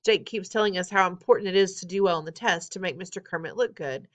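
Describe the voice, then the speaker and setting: Brief: female reader, wry expressive first-person novel narration, lowish voice. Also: quick pace. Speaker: audiobook reader.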